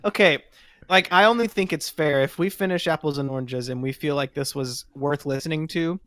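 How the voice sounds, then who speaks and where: A man's voice: on the high side, a little fast, fairly bright tone, dry recording, studio quality. A young man chatting casually on a podcast, laughing often and rambling in a self-deprecating way. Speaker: podcast co-host.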